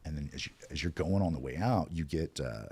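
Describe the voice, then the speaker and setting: A man with an extremely low, husky voice speaks as a podcast guest. He tells his story candidly and with self-deprecating humor, and he is animated as he speaks. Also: brisk. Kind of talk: personal recovery storytelling.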